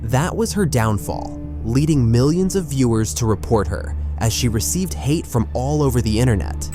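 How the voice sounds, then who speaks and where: A man's voice: medium pitch, expressive, normal speed, music in the background. A man narrating a documentary in a critical, emphatic storytelling manner. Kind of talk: scripted narration.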